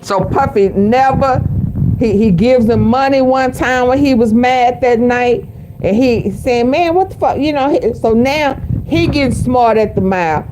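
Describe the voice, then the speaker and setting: A woman's voice: fairly high pitch, a little slow, noisy background. A woman hosting a vlog, giving blunt, profane commentary over a played clip. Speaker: host. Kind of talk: casual commentary.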